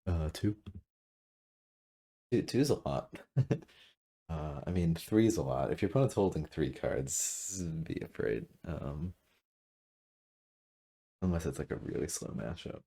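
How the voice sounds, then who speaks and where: A very low, gravelly male voice with a husky edge, muses over a strategy game at his computer. His pitch roams widely as he thinks out loud, hedging and correcting himself mid-sentence, a little back from his desk mic. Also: animated. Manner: musing, self-correcting, halting with fillers. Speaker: gameplay commentator. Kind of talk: casual game commentary. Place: room at a computer. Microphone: desk mic, sitting back from it.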